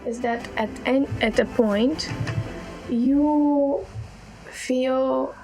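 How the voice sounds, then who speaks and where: Woman gm narrating slow, lots of ums, a bit high-pitched. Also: fairly even intonation, dark tone, faint music behind, poor audio. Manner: halting, with many fillers and restarts. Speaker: game master. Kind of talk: narrating a tabletop game.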